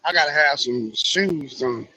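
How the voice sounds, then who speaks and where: A man's voice: a little high, a little slow, sharp tone, no echo, poor audio. A man co-hosting a morning talk show, trading short laid-back reactions and asides in casual chat.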